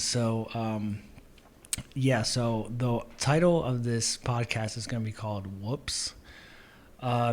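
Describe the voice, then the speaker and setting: A man's voice: fairly low pitch, a little hiss or hum. A young man hosting his own podcast, telling a story in a laid-back, rambling way with lots of fillers and restarts. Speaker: podcast host. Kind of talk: casual storytelling monologue.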